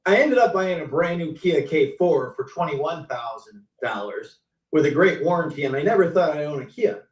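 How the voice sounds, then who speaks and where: A middle-aged man spins car sales stories in a casual, animated way, his voice pitched fairly high and swinging widely as he acts out his customers. He sounds roomy and a bit distant from the mic, as on a video call. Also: normal speed. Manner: animated storyteller acting out customers' lines. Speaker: car sales veteran, show co-host. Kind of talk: casual storytelling on a live stream.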